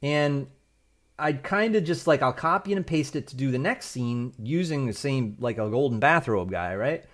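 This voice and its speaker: A man's voice: medium pitch, animated, moderate pace. Rambling man explaining his prompts. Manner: loose and rambling, tags lines with "right?". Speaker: video creator explaining AI prompts. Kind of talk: casual tutorial talk.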